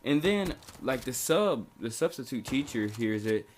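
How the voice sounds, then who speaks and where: Young male vlogger, mid-pitched, loose slangy storytelling full of restarts, light hiss behind. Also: expressive, a little slow. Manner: rambling, slangy, many fillers and restarts. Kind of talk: casual storytime.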